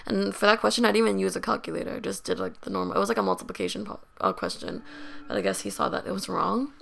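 A woman's voice: mid-range voice, sing-song, very fast, creaky, fairly bright tone. A young woman hosting a podcast, telling a personal story in a candid, rambling way, full of "like" and fillers. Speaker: podcast host.

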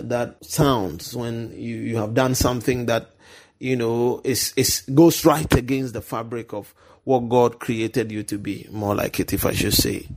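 A man's voice: medium pitch, a little mellow. A man giving earnest, conversational Christian teaching as a guest, often restarting and searching for words. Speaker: guest speaker.

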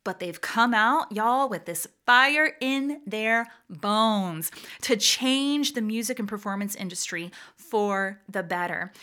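Bright lively middle-aged woman chatting on her podcast, laughs a lot. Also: mid-range voice. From Puerto Rico, raised in Georgia. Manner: warm, animated, laughs often. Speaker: podcast host, voice teacher. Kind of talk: casual podcast talk.

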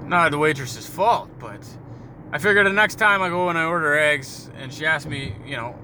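A man's voice: fairly high pitch, normal speed, sharp tone. A man hosting a casual car podcast, rambling and jokey with frequent swearing while he drives. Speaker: podcast host. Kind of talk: casual storytelling while driving. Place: inside a moving car. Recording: car road noise behind.

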